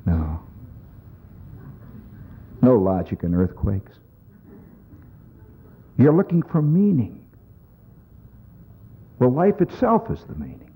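A man spins a rambling, wry comic monologue for an audience. He talks conversationally with a husky voice at a middling pitch. The sound is thin and phone-like, like an old lo-fi recording. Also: huge pitch swings, slow pace, long pauses. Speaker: storyteller performing to an audience.

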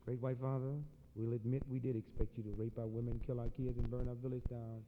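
A man voicing a proud, defiant Native American man who speaks low, slow and measured. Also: slight background noise, natural voice. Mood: grave. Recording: dull lo-fi recording in an echoey hall.

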